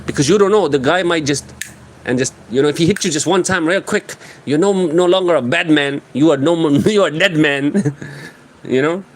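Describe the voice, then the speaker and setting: A man's voice: on the high side, a little fast. A man commenting on video clips in a casual, mocking, lecturing way.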